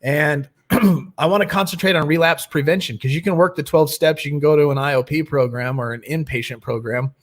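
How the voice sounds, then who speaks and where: A man's voice: on the high side, steady tone, brisk. A young man hosting a nightly recovery livestream, chatting casually and greeting viewers by name.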